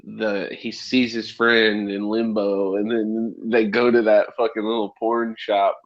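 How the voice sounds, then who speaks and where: A man's voice: lowish voice, little pitch movement, unhurried. A man co-hosting a movie review show, chatting casually with short, laid-back, cussing remarks. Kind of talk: casual chat. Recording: dull lo-fi sound.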